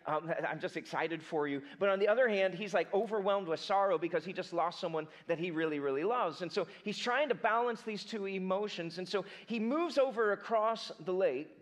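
A young adult man with a high voice preaches in a loose, conversational style. He retells a Bible story with animated energy, slipping into the characters' voices in casual modern speech. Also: a little fast, few pauses. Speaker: pastor.

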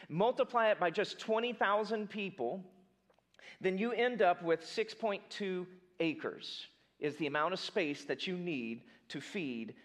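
High-voiced man preaching a casual sermon. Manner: animated storytelling, acts out biblical characters in casual speech. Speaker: pastor.

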